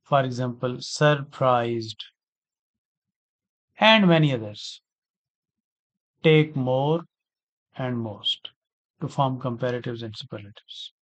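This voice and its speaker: A man teaching an English grammar lesson, speaking deliberately, repeating words and spelling out letters. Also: mid-range voice. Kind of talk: slow spoken grammar lesson.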